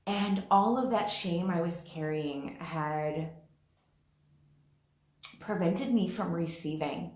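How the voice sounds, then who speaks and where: Slow, low-voiced woman giving a heartfelt spiritual talk. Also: roomy sound. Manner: slow, soft and heartfelt, growing emotional.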